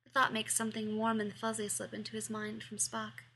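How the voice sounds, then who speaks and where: A woman reading fan fiction aloud, expressive and sometimes dropping to a whisper. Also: medium pitch, a little fast, a little hiss or hum, poor audio. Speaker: fiction reader.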